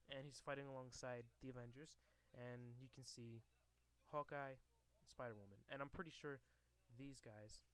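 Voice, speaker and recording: A man's voice: medium pitch, a bit bright. A man casually reading a comic book aloud to a camera, hesitant with many fillers and restarts.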